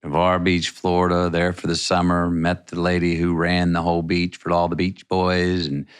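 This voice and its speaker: A man's voice: deep voice, completely flat delivery, moderate pace, clear, resonant tone. A middle-aged man from Texas, a podcast guest telling a personal story in a rambling, vivid way with many restarts.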